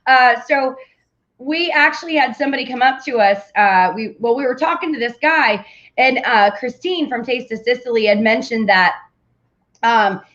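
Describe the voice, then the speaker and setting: A woman hosts a casual live morning show, chatting in an upbeat way and speaking directly to her viewers. Her voice sits a little higher than most women's. The audio is dull and lo-fi, like a home live stream. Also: normal speed, fairly bright tone.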